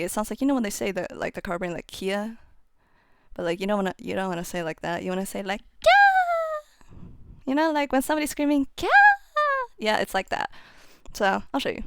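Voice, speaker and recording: A woman casually teaching how to pronounce Japanese syllables, chatting informally and then singing the syllables out in a steady tone. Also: mid-range voice, a little hiss or hum. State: voice getting strained. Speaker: UTAU voicebank tutor.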